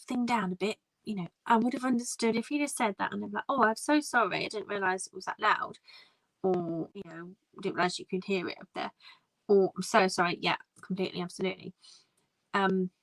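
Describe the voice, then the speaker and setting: A woman's voice: medium pitch, a bit bright, no room sound, low-quality recording. A young woman hosting a live stream, telling a story in casual chat with many restarts and quoted dialogue.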